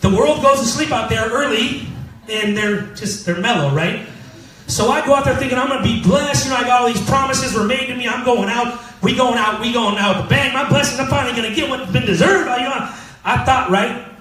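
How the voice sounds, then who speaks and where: A man's voice: very high voice, a little fast, sharp tone. A man in his thirties from California, a pastor telling his story in a casual, joking sermon. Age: 30s. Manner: casual storytelling, jokes with the congregation. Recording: roomy hall mic from a distance.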